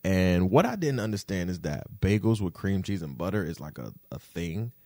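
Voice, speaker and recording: A man talking in a casual rant, animated, swearing freely and tossing in fillers like "you feel me". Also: deep voice, moderate pace, no echo, studio quality. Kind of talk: casual rant, podcast-style chat.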